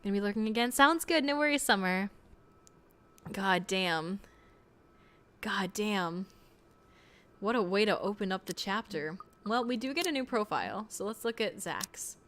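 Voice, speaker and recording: A young woman streaming a game and chatting casually, excitable and swearing freely. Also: medium pitch, fairly quick, hardly any pauses, a little hiss or hum.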